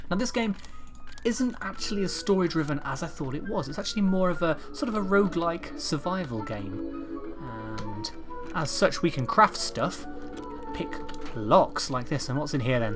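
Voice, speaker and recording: A young man narrates a game in a jokey, sweary let's-play style. His reactions are animated, and faint music plays under his voice. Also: a little high. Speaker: gaming YouTuber.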